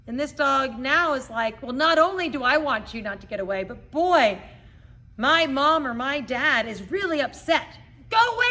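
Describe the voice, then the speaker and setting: A woman's voice: a little high, pushed and bright. A middle-aged woman dog trainer explaining behavior terms in a casual teaching talk, often checking in with "okay?". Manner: explains with hand puppets, frequent "okay?" check-ins.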